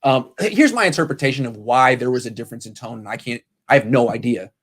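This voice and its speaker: A man hosting a casual sports talk show, animated and quick to paraphrase what others said. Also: mid-range voice, slightly rough. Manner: animated, quotes people in paraphrase. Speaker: sports podcast host.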